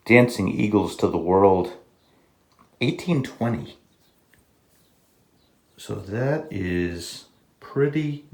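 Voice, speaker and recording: Low husky guy, dry jokey commentary about detecting. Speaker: metal detectorist. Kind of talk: casual commentary.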